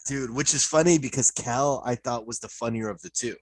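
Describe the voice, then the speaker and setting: A man chatting on a podcast, relaxed and meandering as he thinks out loud. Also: mid-range voice, brisk, husky. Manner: relaxed, meandering, hedging with fillers. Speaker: podcast co-host. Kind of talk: casual chat.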